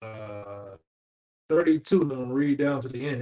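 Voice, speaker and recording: A man's voice: mid-range voice, normal speed, mellow. A man in a Bible study reading scripture aloud, stumbling over the archaic words.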